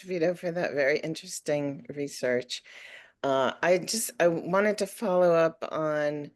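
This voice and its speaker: Very low-voiced woman asking slowly. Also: darkish tone. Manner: tentative, thinking aloud. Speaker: audience member asking a question. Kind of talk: webinar Q&A question.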